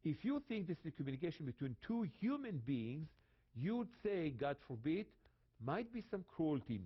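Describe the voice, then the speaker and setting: A man's voice: fairly high pitch, big pitch swings, normal speed, slightly rough, muffled recording. A man from Israel with an Israeli accent, teaching about the Bible in a dramatic way and repeating phrases for emphasis. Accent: Israeli Hebrew. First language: Hebrew.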